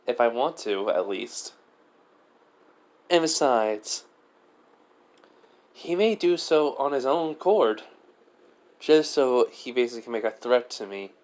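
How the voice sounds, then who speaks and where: A man's voice: medium pitch, animated, slow pace, long pauses, darkish tone. A man telling an improvised fan story in a rambling way, full of fillers and self-corrections. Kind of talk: improvised fan-fiction narration.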